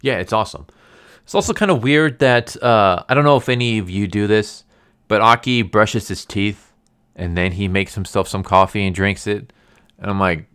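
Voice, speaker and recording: A man with a low, smooth voice talks through an anime episode in a loose, chatty way. He rambles, says "like" constantly and sounds easily amused. The feel is an offhand video review. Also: animated, moderate pace, a bit bright. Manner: chatty and rambling, heavy use of "like". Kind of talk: casual episode recap and review.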